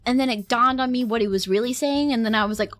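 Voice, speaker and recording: A young woman streamer telling a story in a casual, animated way, laughing often and breaking into high squeals. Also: quick pace, soft background music.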